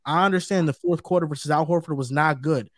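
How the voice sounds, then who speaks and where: A man's voice: fairly high pitch, fast talker, no echo, studio quality. Emphatic man arguing sports. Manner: emphatic, argumentative, repeats points for stress. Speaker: co-host. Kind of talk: sports debate show.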